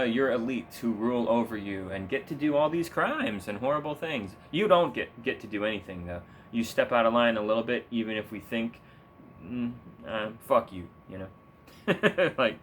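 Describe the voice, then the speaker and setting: A young man on a gaming stream, ranting about politics with heavy sarcasm and plenty of swearing. His pitch swings up and down as he rambles, with a faint rumble behind him. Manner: sarcastic, profane, rambling, laughs often. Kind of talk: casual political rant while gaming.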